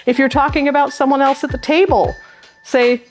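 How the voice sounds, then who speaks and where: A woman's voice: high-pitched, fairly even intonation, fast talker, soft background music. Upbeat woman giving practical advice. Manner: friendly, emphatic, gives practical tips with demonstrations. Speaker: sign language interpreter. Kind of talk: instructional talk to camera.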